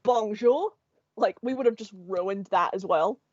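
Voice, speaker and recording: In a medium-pitched, slightly slow voice on dull-sounding audio, an Australian podcast co-host tells stories casually and animatedly, performing the voices of the people in them.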